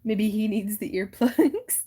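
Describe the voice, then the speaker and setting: Woman, livestream craft host, chatty, giggly, casual, mid pitch. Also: lively intonation, slow, mellow, slightly rough. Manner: giggly, chatty, acts out little voices in her stories. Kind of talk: casual chat while wire wrapping.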